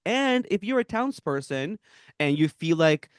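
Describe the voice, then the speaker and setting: A young man from Peru co-hosting a podcast, telling a story in animated casual chat with lots of laughs and fillers. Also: on the high side, a little slow, smooth, no echo, clean studio sound. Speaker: podcast co-host.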